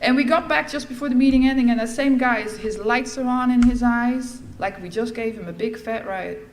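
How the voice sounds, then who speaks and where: A middle-aged woman giving a personal testimony at a recovery fellowship event, telling her story in a lively way and acting out the lines she quotes. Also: a little high, normal speed, a little hiss or hum. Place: large event hall. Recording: echoey hall with faint ambience.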